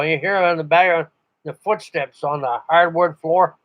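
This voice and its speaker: A man's voice: on the high side, normal speed, narrow, tinny audio. An older man, a ham radio operator, telling rambling stories in a casual chat with frequent chuckles. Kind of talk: casual monologue.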